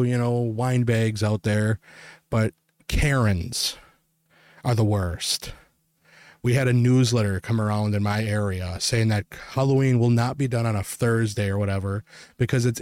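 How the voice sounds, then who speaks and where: A man's voice: medium pitch, a little mellow, no room sound. A young man hosting a podcast, telling a long story in casual, rambling chat full of filler words. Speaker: podcast host.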